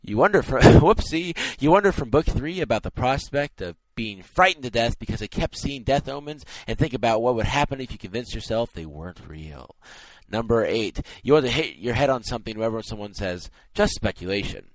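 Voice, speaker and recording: Young male podcast co-host, very lively pitch, dry close sound, jokey list reading. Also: fairly quick, hardly any pauses, no room sound, poor audio. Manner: lively, laughs through his lines. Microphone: internet call.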